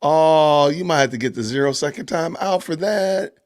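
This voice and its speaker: A man hosting a casual live stream, animated and laughing often as he reads viewer comments aloud. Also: a little high, normal speed. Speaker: podcast host reading live chat.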